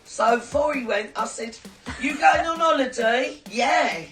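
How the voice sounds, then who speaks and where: An older woman telling a family story in casual chat, animated and acting out the quoted voices, recorded from a distance on home video. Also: high-pitched, unhurried, roomy sound, soft background music.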